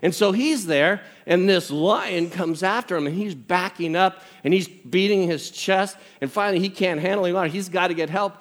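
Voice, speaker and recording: A man preaching a sermon, telling a humorous story and reading scripture aloud in an animated, conversational way. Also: sits high, moderate pace, hardly any pauses. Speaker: pastor.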